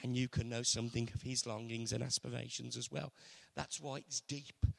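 A man preaching a sermon earnestly, moving between loud emphasis and hushed, intimate passages. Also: medium pitch, level tone, normal speed, vocal fry. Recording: long hall reverb.

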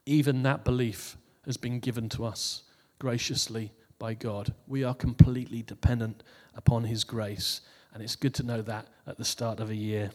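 This is a casual New Year sermon from a man who talks at normal speed with few pauses, his pitch ordinary and middling. He's chatty and relaxed, chuckling at his jokes before reading scripture, with long reverb lingering behind his words.

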